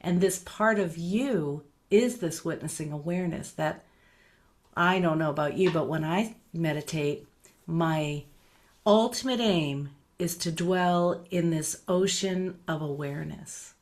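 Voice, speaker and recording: Woman, middle-aged, meditation teacher, gentle, unhurried, slightly low voice, soft trailing repetitions.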